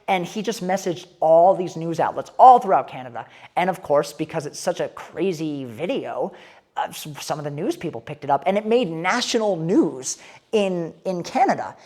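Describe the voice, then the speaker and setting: Woman, deep voice, casual storytelling, candid, irreverent, animated. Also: normal speed.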